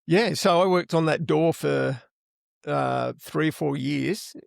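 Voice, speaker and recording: A man's voice: on the high side, slow, creaky, dry recording, studio quality. A middle-aged man with an Australian accent, telling stories as an interview guest in casual, rambling talk with plenty of swearing. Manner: rambling yarn-spinner, swears freely. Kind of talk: casual storytelling.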